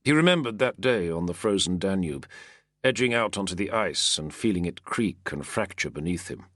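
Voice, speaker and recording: A man reading a novel aloud as an audiobook narrator, in a measured, expressive way. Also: sits low, dry recording, clean studio sound. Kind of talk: scripted narration.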